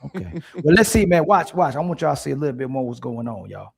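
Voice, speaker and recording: A man's voice: medium pitch, sing-song, quick pace, gravelly, breathy edge. A man hosting a casual livestream panel, reading super chats aloud in a slangy, playful, teasing way.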